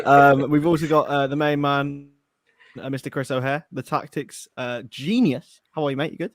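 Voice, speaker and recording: A man's voice: medium pitch, fairly even intonation, normal speed, no room sound, studio quality. A man hosting a live football transfer chat show in a casual, rambling way. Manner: chatty, loose, restarts often. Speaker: podcast host.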